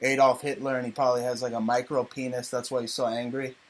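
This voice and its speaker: A man hosting talk radio, ranting crudely and loudly about politics with profanity. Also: medium pitch, little pitch movement, quick pace. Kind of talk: crude comedic political rant.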